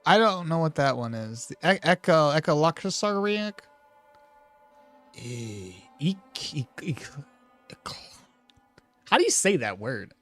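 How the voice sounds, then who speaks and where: A game streamer giving casual live gameplay commentary, animated and laughing, often trailing off and restarting mid-sentence. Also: medium pitch, slow pace, pauses often, soft background music.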